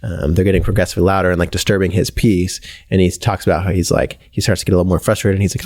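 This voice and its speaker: Fast-talking low-voiced male podcast host. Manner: rambling, swears freely, gets animated retelling stories. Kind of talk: casual conversational podcast chat.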